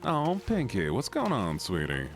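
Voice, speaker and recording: A goofy, playful man chats with his stream audience while he plays, his pitch bouncing all over. He leans into a put-on southern drawl and drops into deep joke voices, with soft game music under him. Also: wildly swooping pitch, measured pace. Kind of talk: casual chat with a live stream audience while gaming.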